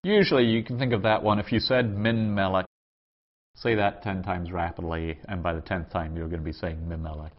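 A man teaching a Hebrew grammar class around a table, explaining patiently and sounding out words slowly. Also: deep voice, highs cut off.

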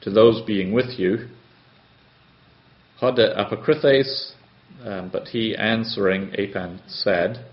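A man teaching a grammar lesson as a language tutor, slow and methodical, with frequent pauses and hesitations. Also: lowish voice, steady tone. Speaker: Greek tutor. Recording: slightly dull, lo-fi sound.

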